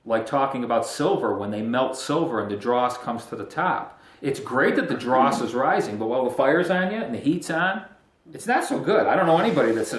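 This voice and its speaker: A man's voice: mid-range voice, lively intonation, a little fast, roomy sound. A man preaching a casual, conversational sermon as pastor, joking and breaking into emphatic bursts.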